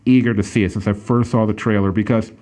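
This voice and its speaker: A man's voice: on the low side, fairly even intonation, fast, warm tone. A man hosting a casual talk show, reviewing a film with lots of fillers and restarts. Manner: rambling, many fillers and restarts, laughs easily. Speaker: podcast host reviewing a film. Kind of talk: casual chat.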